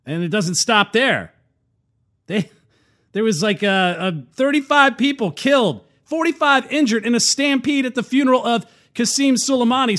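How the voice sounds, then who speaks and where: A man's voice: high voice, a bit bright. A man hosting a political talk show, reading news quotes aloud and reacting with opinionated commentary. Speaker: host.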